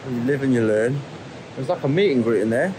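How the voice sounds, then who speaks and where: A young man vlogging on a trip, excitable and swearing casually, filmed on a handheld camera. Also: medium pitch, fairly quick. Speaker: travel vlogger. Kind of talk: casual vlog chat. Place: out and about on a city trip. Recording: noisy ambient background.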